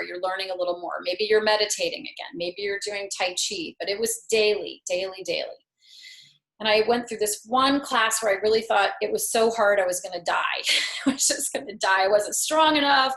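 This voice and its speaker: Earnest woman in her fifties, a yoga teacher and guest, mid-pitched, telling a reflective personal story in a roomy-sounding space. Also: fairly bright tone. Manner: earnest, reflective, lightly self-mocking. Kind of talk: personal storytelling in a talk show. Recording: roomy echo.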